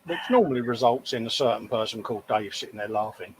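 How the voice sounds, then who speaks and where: Medium in pitch and quick in pace, this man's voice has a breathy edge, and the audio is poor. He co-hosts a model-building livestream, chatting casually with jokes, self-mockery, and bits of quoted voices.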